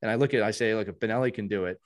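A man hosting a hockey podcast, chatting casually and warmly, with frequent restarts and repeated words. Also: lowish voice, rapid-fire. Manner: warm, rambling, many restarts. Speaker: podcast host.

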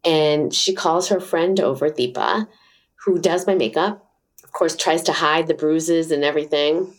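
Middle-aged woman guest, low pitch, animated candid storytelling with acted-out quotes. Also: unhurried. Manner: animated, acts out quoted voices, many fillers. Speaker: interview guest.

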